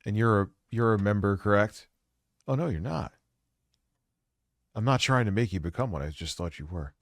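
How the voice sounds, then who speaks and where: A man's voice: lowish voice, animated, moderate pace, no echo, clean studio sound. A man in his forties ranting crudely on a late-night stream, swearing constantly and sounding stressed and worn out. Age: 40s. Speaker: livestreamer reacting to a video.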